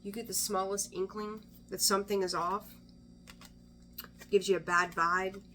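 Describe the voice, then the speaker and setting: A woman's voice: mid-range voice, little pitch movement, a little slow, pushed and bright, slight background noise. A woman giving a casual weekly tarot reading, chatty and blunt, swearing freely and often trailing off to restart her sentences. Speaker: tarot reader.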